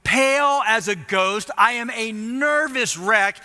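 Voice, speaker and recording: A man preaching as lead pastor, telling a story in an animated, self-mocking way. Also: extremely high pitch, slow pace. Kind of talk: storytelling sermon. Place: church auditorium. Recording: long hall reverb.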